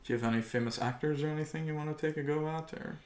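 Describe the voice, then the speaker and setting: A man's voice: fairly high pitch, racing, darkish tone, echoey room. A man co-hosting a casual podcast chat, joking and asking questions. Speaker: podcast co-host.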